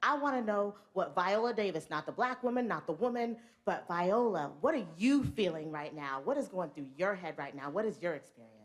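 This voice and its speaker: A woman's voice: fairly low pitch, expressive, fairly quick, few pauses. A woman reporter asking a question in a press room, building emphatically through repeated phrases. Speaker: entertainment reporter.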